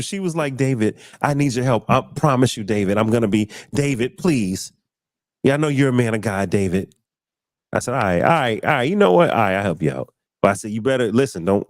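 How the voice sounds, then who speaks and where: Lively young man telling a story. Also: mid-range voice, no echo, clean studio sound. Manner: acts out voices in his stories, preachy exclamations. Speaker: podcast host. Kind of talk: animated storytelling on a podcast.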